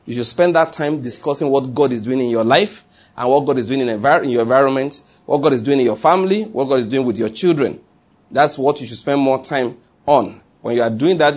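A middle-aged male pastor preaching a sermon, emphatic and repeating his key phrases. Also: mid-range voice.

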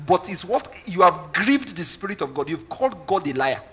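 A man's voice: sits high, very animated, normal speed, a bit bright, husky. A man with a Nigerian accent preaching a sermon as a pastor, emphatic and repeatedly checking that listeners follow his point, with Pidgin asides.

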